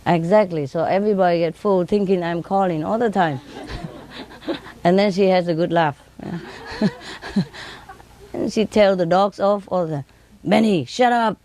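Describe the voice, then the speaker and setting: A woman speaking English with non-native grammar, telling laughing stories about her birds and mimicking them in a high voice. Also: steady tone, normal speed, pauses often, mellow, a little hiss or hum. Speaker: bird owner telling stories. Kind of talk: casual storytelling.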